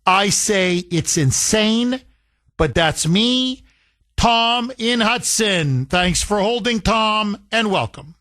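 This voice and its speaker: A male talk radio host with a high, bright, forceful voice, delivering a combative monologue. He talks at a slow, deliberate pace and repeats phrases for emphasis. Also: lively intonation.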